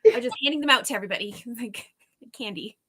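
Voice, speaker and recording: Bright-voiced Canadian woman. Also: a little high, animated, racing, husky. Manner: chatty, laughs often. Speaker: co-host. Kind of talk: casual livestream chat.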